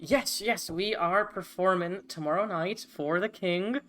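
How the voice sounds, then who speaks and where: Man putting on a flustered high gnome woman. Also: a little slow, fairly bright tone, soft background music. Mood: flustered eager. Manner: stammering, eager. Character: flustered chatty female gnome cleric.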